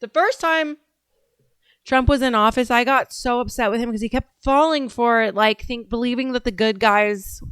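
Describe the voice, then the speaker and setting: A woman's voice: on the high side, moderate pace, a bit bright, clean tone, dry recording, studio quality. A woman hosting a casual commentary show, rambling with many fillers and restarts as she reacts to a video.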